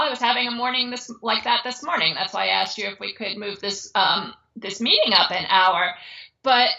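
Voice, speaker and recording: Woman, podcast guest, earnest, reflective, bright voice, lo-fi recording. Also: fairly high pitch. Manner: earnest, reflective, with frequent restarts. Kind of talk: casual conversation.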